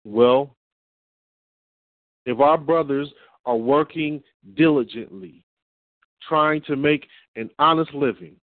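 A man's voice: a little high, no echo. Emphatic preaching man, tinny sound. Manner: emphatic, repeats and reads slowly for stress. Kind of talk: preaching lecture. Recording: tinny phone-like audio.

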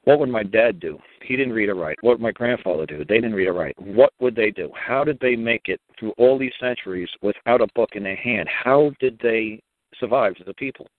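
A man's voice: fairly low pitch, a little fast, dry recording. An emphatic man tells a long, rambling story on a call-in line. His voice comes through tinny and phone-like. It sounds dry and close. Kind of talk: casual phone-in talk.

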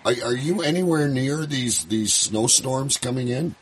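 A man from Canada hosting a live radio chat, rambling excitedly with stammered restarts. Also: mid-range voice, unhurried, breathy edge. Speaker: radio show host.

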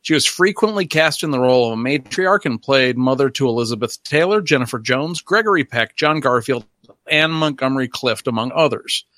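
A man co-hosting a podcast, reading out trivia notes and slipping in deadpan gags. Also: mid-range voice, brisk, no echo. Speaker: podcast co-host. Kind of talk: reading notes in casual chat.

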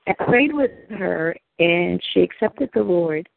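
Brief: caller giving a rambling, earnest testimony, gravelly voice, phone line, dry. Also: mid-range voice, expressive, takes it slowly, no echo. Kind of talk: personal faith testimony.

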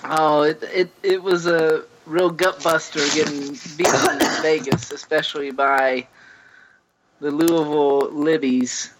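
A man on a casual podcast with a slightly high voice, speaking in an easygoing way with lots of ums. Faint hiss sits under his voice. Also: fairly even intonation, measured pace. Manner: easygoing, many filler sounds.

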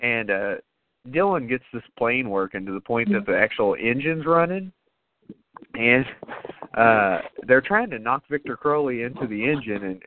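A man co-hosting a podcast, chatting casually and profanely about horror movies with excitement and jokes. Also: mid-range voice, no room sound, phone-quality sound. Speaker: podcast co-host.

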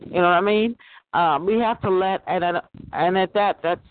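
A man with a notably high voice hosts a call-in chat, rambling from point to point and turning often to talk to his audience. His voice comes through thin and boxy, like a phone connection. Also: moderate pace, slight background noise. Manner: rambling, addresses listeners directly as guys. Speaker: host. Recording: tinny phone-line sound.

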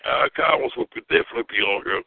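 A man calling into a phone chat line, talking in a rambling, repetitive way and shouting taunts. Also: mid-range voice, expressive, racing, creaky, husky, no room sound, narrow, tinny audio.

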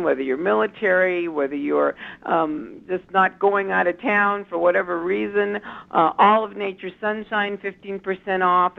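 A woman's voice: fairly low pitch, vocal fry, phone-quality sound. A woman co-hosting a radio show, chatting casually and rambling with many fillers and restarts. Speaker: radio co-host.

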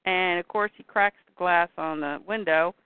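A woman's voice: fairly low pitch, clear, resonant tone, no room sound. Woman eagerly retelling comics, tinny sound. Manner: animated, acts out characters' lines in quick voices. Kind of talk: casual chat retelling a comic. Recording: dry tinny phone-like sound.

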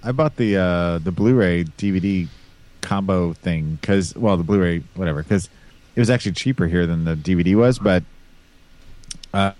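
A man's voice: deep voice, moderate pace, a little mellow, dry recording. A man co-hosting a podcast, chatting casually and rambling with lots of fillers. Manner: rambling, hesitant, with many fillers. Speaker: podcast co-host. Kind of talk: casual chat.

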